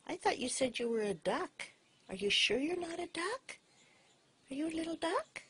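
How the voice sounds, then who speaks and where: Woman, pet owner, doting baby talk to her bird; high-ish, lively melody, slips into whispers. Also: normal speed, background noise. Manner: coaxing, sing-song, drops to soft whispers at times.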